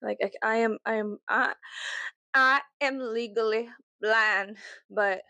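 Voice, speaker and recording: A young woman with a Southern US accent, chatting casually to camera in her bedroom, rambling and profane, with sudden loud high outbursts. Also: steady tone, slow, no room sound, muffled recording. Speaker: vlogger.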